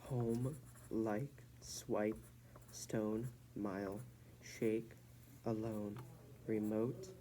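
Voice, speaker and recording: Child-like student reading words slowly. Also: medium pitch, mellow, slight background noise, rough recording. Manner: slow, careful, hesitant word reading.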